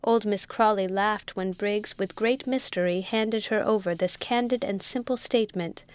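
A woman narrating a classic novel in a measured, expressive reading. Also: mid-range voice, clear, resonant tone, no echo. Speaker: audiobook narrator. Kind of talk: literary narration.

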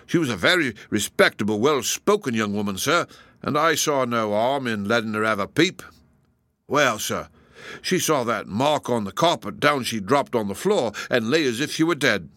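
A man's voice: mid-range voice, bright, forceful tone, no echo. A man voicing a nervous, apologetic police constable who stammers and defers to his superiors.

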